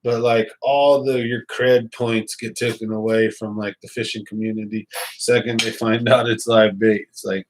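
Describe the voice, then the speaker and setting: A man's voice: fairly low pitch, flat delivery, moderate pace, rough recording. A man, hosting a fishing channel and rambling casually to his viewers with lots of fillers. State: hiccups.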